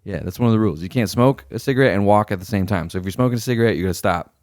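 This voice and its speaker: A man's voice: on the low side, very fast, no echo. A young man co-hosting a podcast, telling stories in casual chat, swearing freely and acting out the people he quotes. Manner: animated storyteller, swears freely, acts out quoted superiors. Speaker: podcast co-host.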